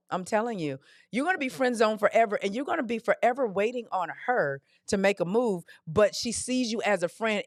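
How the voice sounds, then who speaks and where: A woman's voice: mid-range voice, no room sound, studio quality. A woman hosting a live call-in advice podcast, talking in a sassy, direct coaching way and calling listeners honey and darling. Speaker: podcast host.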